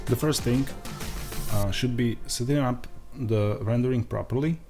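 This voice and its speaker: A man with an Eastern European accent giving a screen-recorded software tutorial, pausing often with uh and um. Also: medium pitch, faint music behind. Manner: hesitant, frequent uh and um fillers.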